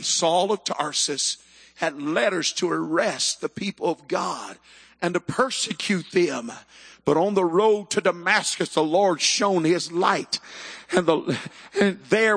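Male preacher, high and bright, fervent, bursts into shouts; big echoing hall. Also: unhurried. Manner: fervent, swings into shouted emphasis. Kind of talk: sermon. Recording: echoey hall.

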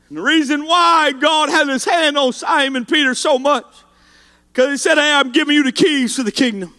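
Male preacher, high bright tone, shouted sing-song delivery. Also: fairly even intonation, unhurried, big-room sound. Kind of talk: sermon.

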